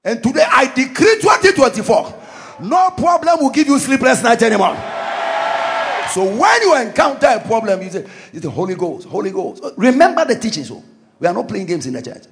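A man preaching a charismatic sermon as pastor, fervently shouting declarations and decrees. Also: very high-pitched, sing-song, fairly quick, creaky.

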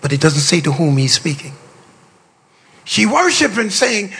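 A man's voice: very animated, normal speed, creaky, pauses often, breathy edge. Older man preaching in a large hall. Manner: playful, boastful asides, swings from low drawl to loud shouts. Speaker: bishop preaching at a pastors' conference. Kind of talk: sermon. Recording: long reverb of a large hall.

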